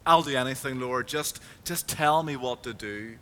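A preacher voicing a desperate man hanging from a cliff branch, pleading and shouting for help in a frantic voice. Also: mid-range voice, moderate pace, long reverb tail, a little hiss or hum, natural voice.

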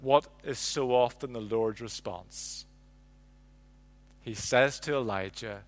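A man's voice: medium pitch, takes it slowly, pauses often. Man preaching a sermon. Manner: animated storytelling, drops to a hush on quotes. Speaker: pastor.

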